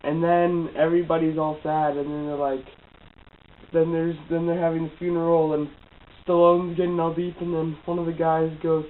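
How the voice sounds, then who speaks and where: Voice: medium pitch, flat delivery, a little fast. A casual movie reviewer with a cold, rambling with lots of fillers and restarts. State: has a cold. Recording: tinny phone-like audio with faint hiss.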